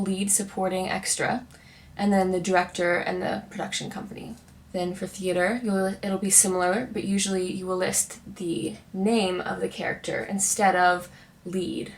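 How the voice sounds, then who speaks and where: A woman's voice: mid-range voice, vocal fry, a little hiss or hum. A young woman, a working actor, giving chatty, encouraging advice straight to the viewer in a casual vlog. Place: apartment in New York.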